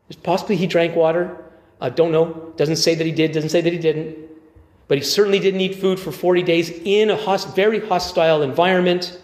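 Male preacher, relaxed conversational sermon, restarts and wry asides, roomy echo. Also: on the high side. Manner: conversational, thinking aloud with restarts and dry asides. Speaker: pastor. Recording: echoey church hall reverb.

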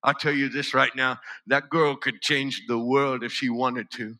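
A man performing a dramatic spoken-word monologue, emotional and swinging from loud to hushed. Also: mid-range voice, fairly even intonation, measured pace.

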